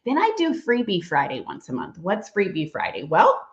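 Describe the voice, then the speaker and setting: Bubbly fast-talking woman sales trainer. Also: lowish voice, wildly swooping pitch, dull audio. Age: middle-aged. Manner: fast, bubbly and chatty, calling listeners girl and y'all. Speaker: sales director giving a training. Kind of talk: live-streamed sales training. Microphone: computer mic on a live stream.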